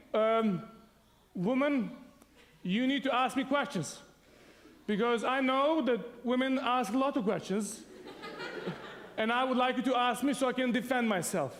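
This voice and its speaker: A very high, somewhat bright male voice rings out with a long reverb tail. The man, from Serbia, shares an amusing story about himself with an audience, laughing frequently as he speaks.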